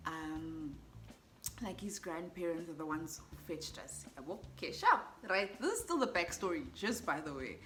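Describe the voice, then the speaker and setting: This is a young South African woman chatting straight to her viewers. She tells a personal story in a storytime vlog. Her delivery is animated, with exclamations and bursts of laughter. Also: lowish voice. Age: young adult. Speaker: vlogger.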